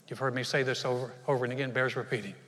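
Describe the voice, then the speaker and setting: A man preaching a sermon as pastor, animated and acting out short voices in his stories. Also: mid-range voice, very fast, big-room sound.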